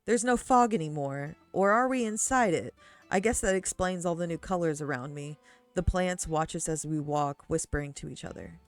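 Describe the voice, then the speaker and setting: A woman's voice: fairly low pitch, normal speed, no room sound, soft background music. A young woman streamer reading a visual-novel game aloud with giggly, swearing commentary.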